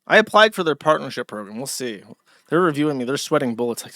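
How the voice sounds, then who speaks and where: A man's voice: mid-range voice, very animated, quick pace, sharp tone, no room sound, clean studio sound. A man hosting a livestream, ranting and swearing in casual commentary. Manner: profane, ranting. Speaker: stream host.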